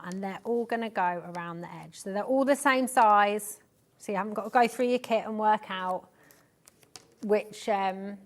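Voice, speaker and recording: A woman's voice: medium pitch, fairly bright tone. A woman demonstrating hand sewing on a live TV show, explaining step by step with chatty asides. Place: TV studio.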